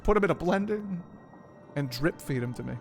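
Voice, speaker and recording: A man's voice: fairly high pitch, expressive, brisk, creaky, darkish tone, faint music behind. A man streaming a game, chatting casually in a rambling, profane, joking way.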